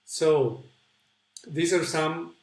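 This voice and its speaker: Man, online teacher, unhurried delivery, fairly high voice, patient and repetitive. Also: steady tone. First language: Spanish. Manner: patient, repeats examples slowly, answers viewer questions. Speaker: Spanish teacher. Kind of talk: online webinar lesson. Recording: echoey room.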